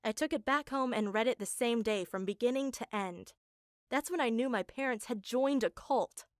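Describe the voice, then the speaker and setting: A woman's voice: a little high, dry recording, studio quality. A woman narrating a first-person story in an earnest, emotional way.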